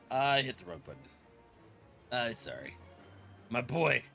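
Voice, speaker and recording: A man's voice: medium pitch, big pitch swings, measured pace, gravelly, long pauses, bright, forceful tone. A man streaming an online game, chatting casually and rambling, often laughing at himself. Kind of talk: casual live-stream chat while gaming. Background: game music.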